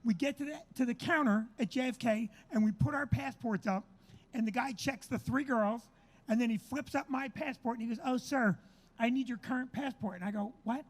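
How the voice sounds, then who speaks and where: A man's voice: extremely high pitch, brisk. Middle-aged male comedian, brash, profane, exaggerated storytelling. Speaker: comedian host. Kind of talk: storytelling chat.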